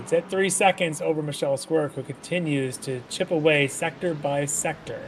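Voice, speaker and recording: A man's voice: a little high, moderate pace, hardly any pauses, slight background noise, poor audio. A man commentating an online sim race, mixing race calls with jokey banter. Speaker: play-by-play commentator.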